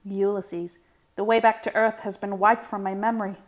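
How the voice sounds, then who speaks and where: A woman voicing a calm female ship computer, speaking quickly and matter-of-factly. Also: medium pitch, lightly acted.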